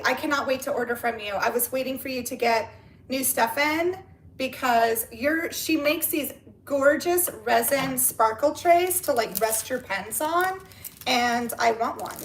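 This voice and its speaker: Chatty excitable woman, slightly high voice. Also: slight background noise. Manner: chatty and excitable, voice rises and gets loud when excited. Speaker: livestream host chatting with viewers. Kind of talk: casual live-stream chat. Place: at home with barking dogs. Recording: echoey room.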